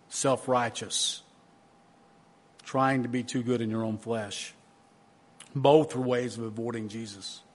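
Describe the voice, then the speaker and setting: A man pastor preaching a sermon in an earnest, emphatic manner, often restarting his phrases. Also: medium pitch.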